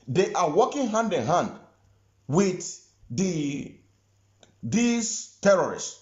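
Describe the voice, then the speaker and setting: A man's voice: high voice, big pitch swings, takes it slowly, long pauses. A Nigerian man in his fifties giving impassioned political commentary, emphatic and repeating his points for weight. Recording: roomy, dull lo-fi recording.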